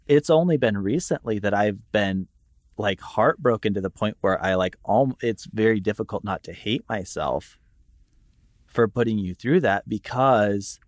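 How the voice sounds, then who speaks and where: A man's voice: fairly low pitch, no echo, clean studio sound. A man co-hosting a podcast, speaking in an earnest, self-reflective way. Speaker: podcast co-host. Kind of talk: reflective conversational talk.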